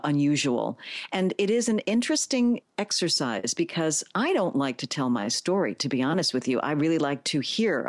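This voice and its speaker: A middle-aged woman from the Bronx, a radio host answering interview questions in a smooth, soothing, upbeat broadcaster manner. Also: sits low, no echo, clean studio sound. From New York (the Bronx).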